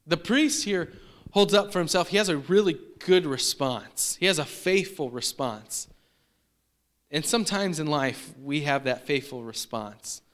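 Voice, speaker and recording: A man delivering a sermon in a relaxed, conversational manner, his voice sitting a little higher than most men's. He often doubles back on words and restarts phrases as he talks it through. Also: unhurried. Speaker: pastor.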